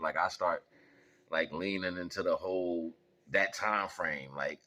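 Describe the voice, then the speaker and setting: A man's voice: deep voice, sharp tone. A man talking casually and rambling through life lessons and stories, laughing often and acting out voices. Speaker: vlogger sharing life lessons. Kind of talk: casual storytelling monologue.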